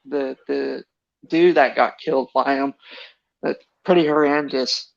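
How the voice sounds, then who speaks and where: A man's voice: medium pitch, fairly even intonation, a little slow, vocal fry, dull audio. A man hosting a podcast in casual chat, hesitant and full of fillers. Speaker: podcast host.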